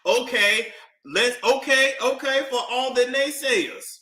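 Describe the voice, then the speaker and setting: A man with a New York accent giving casual gossip commentary, animated and drawn out, often repeating himself. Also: very high voice, slow. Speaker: commentary streamer. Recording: echoey room.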